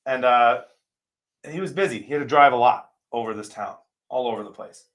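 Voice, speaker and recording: A man's voice: mid-range voice, fairly quick, fairly bright tone. A man co-hosting a casual live stream, laid-back and jokey, trading tips and stories with slangy asides.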